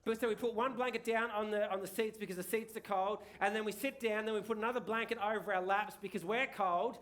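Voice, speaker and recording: Male pastor, middle-aged, high-pitched, casual rambling preacher who keeps restarting his sentences. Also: steady tone, fast talker, a bit bright. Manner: chatty, rambling with many restarts and tag questions. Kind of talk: casual sermon. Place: church hall.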